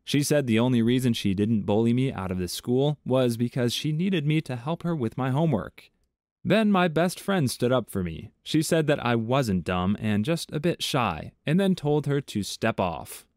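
A man reading online stories aloud in a measured, even tone, adding his own commentary between them. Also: mid-range voice, no echo, clean studio sound. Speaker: story narrator.

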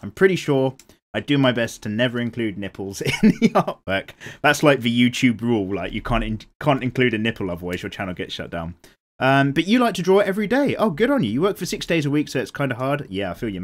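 A man's voice: mid-range voice, expressive, a little fast. A young British man hosting a drawing show, reading out viewer comments in a rambling, casual way, swearing freely and laughing often. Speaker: art channel host.

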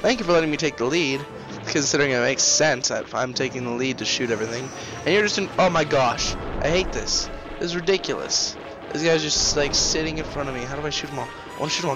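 A man giving casual, excitable commentary while playing a game, getting flustered and trash-talking it. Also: fairly high pitch, quick pace, few pauses. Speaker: let's play host. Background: game music and sound effects.

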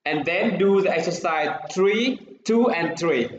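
A Vietnamese man teaching an English lesson in his Vietnamese accent, who speaks slowly and repeats each word for his pupils to echo. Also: high voice, expressive, highs cut off.

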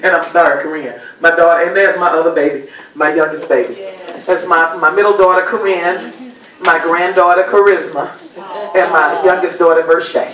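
A middle-aged woman giving a personal speech at a dinner event, an animated, folksy storyteller. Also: lowish voice, moderate pace. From Texas. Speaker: guest speaker at a dinner event. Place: banquet hall. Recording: echoey hall, voice from far off.

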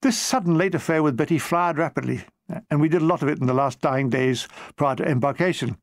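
A man's voice: a little high, fast, no room sound. A man reading his own war memoir aloud in a dry, wry, comic storytelling manner.

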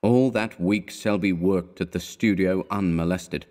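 A man reading a classic short story aloud as an audiobook narrator, in a measured, deliberate storytelling manner. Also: low-pitched, a little mellow.

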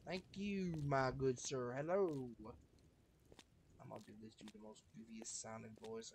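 A man giving joking, slangy commentary over a game, laughing often and swinging between loud outbursts and mutters. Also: medium pitch, moderate pace, slight background noise. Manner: goofy, slangy, laughs a lot, jumps loud and quiet. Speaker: gaming streamer.

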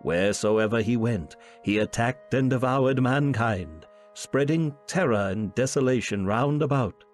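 A man narrating an old tale in a measured, dramatic way. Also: medium pitch, faint music behind.

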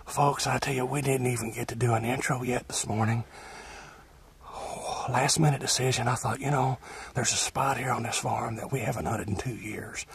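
A man giving hushed, excited, folksy commentary from a deer stand outdoors on a farm. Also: mid-range voice, moderate pace, vocal fry. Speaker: hunting show host. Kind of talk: excited in-the-field hunting commentary. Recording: outdoor field recording with steady background noise.

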